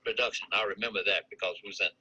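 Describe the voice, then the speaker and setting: An old army veteran in his eighties, from St. Louis, tells his life story in an interview. His voice is husky and strikingly bright and edgy, and he rambles, restarting sentences and chuckling now and then. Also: on the low side, steady tone, racing, rough recording. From St. Louis, United States. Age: 80s. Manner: chuckles while recalling.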